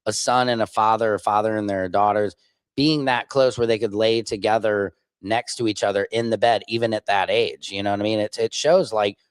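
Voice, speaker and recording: Male stream host, low voice, blunt opinionated reaction commentary, dry mic. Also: steady tone, brisk, clear, resonant tone, dry recording.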